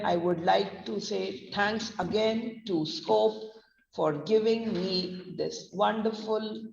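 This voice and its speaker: A woman trainer closes her lesson in an earnest, formal way, her voice slow and gravelly. She sits well back from the mic in a roomy, echoing space. The recording sounds dull and lo-fi. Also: fairly high pitch. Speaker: pronunciation trainer. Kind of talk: closing remarks of a lesson. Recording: echoey room, far from mic, dull lo-fi sound.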